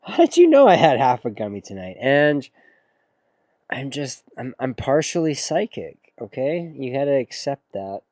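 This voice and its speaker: A man's voice: medium pitch, big pitch swings, normal speed, darkish tone, dry recording. Chill sarcastic guy talking to his stream chat, super dry close sound. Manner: sarcastic, laid-back, slangy. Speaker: music streamer taking song requests. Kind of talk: casual livestream chat.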